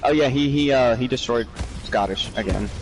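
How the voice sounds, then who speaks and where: A man chatting on a podcast while gaming, blunt, profane and excitable. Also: mid-range voice, normal speed, soft background music, poor audio. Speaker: podcast co-host.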